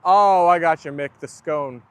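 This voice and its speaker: A man's voice: a little high, measured pace, a bit bright, smooth, no room sound. A young man hosting a casual livestream, chatting loosely and reading viewer comments aloud. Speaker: livestream host.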